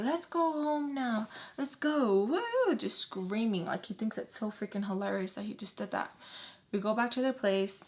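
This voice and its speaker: A young woman tells a personal story straight to camera in a casual vlog. She talks in slang, keeps a mid-pitched voice and acts out the lines of the people in her story. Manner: animated, slangy, acts out quotes of others.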